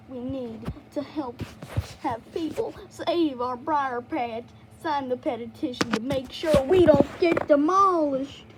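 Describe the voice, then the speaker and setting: Girl doing a high squeaky briar critter begging over and over, slow and dramatic, noisy room. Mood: pleading. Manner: begging, repetitive and melodramatic. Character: pleading female briar patch critter.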